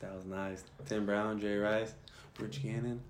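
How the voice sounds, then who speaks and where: A man's voice: lowish voice, flat delivery, normal speed. A young man chatting casually as a podcast co-host, laid-back and profane, often answering in short replies. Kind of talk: casual chat. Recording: echoey room with faint noise.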